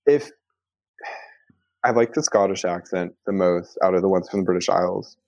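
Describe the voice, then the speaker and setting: A man from the United States with a fairly low voice, chatting as a podcast guest. He laughs a lot and lets sentences trail off while he thinks. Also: moderate pace, creaky, darkish tone. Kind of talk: casual interview chat.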